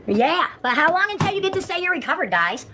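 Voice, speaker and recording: A woman's voice: very high voice, big pitch swings, quick pace, noisy background. A woman ranting on a live stream, profane, indignant and repeating herself. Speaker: livestreamer.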